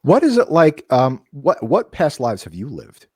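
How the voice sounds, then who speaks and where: Husky man asking curious questions. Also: mid-range voice, wildly swooping pitch, unhurried, darkish tone, no room sound, studio quality. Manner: brief, curious questions and short acknowledgements. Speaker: interviewer, co-host. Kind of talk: casual interview.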